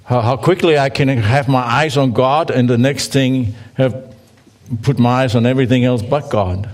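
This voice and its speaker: A man preaches a conversational sermon in church in a mid-range voice at normal speed, with playful asides to the listeners. He reads scripture aloud and has the congregation read along with him.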